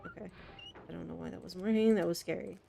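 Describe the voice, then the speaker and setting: A woman's voice: lowish voice, quick pace, gravelly, warm tone, slight background noise. A woman streamer playing a game, talking to herself in a chatty, casual way and laughing often.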